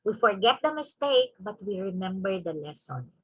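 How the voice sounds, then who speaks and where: A woman's voice: medium pitch, sing-song, normal speed, fairly bright tone, breathy edge, poor audio. A woman with a Filipino accent giving an emphatic convention lecture, switching between English and Tagalog and checking in with the audience through frequent tag questions. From Philippines.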